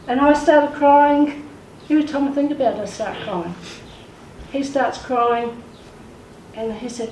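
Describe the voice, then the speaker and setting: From the pulpit, a woman delivers a heartfelt church testimony, voicing the people she quotes as she tells her emotional story. Her pitch is fairly high, her pace a little slow, her tone darkish. The recording is distant in a reverberant space with faint noise.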